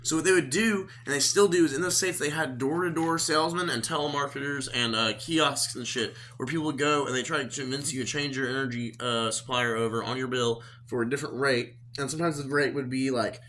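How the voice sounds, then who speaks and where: Oklahoma guy, podcast host, quick and profane, sharp tone. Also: mid-range voice, a little hiss or hum. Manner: profane, rambling storytelling. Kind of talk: casual chat.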